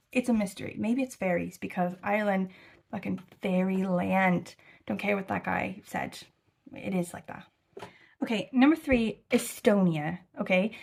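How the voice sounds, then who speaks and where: A young American woman chatting casually to camera about her travels, rambling and animated, with lots of fillers and swearing. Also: mid-range voice, creaky. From United States. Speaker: travel vlogger. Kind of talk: casual chat.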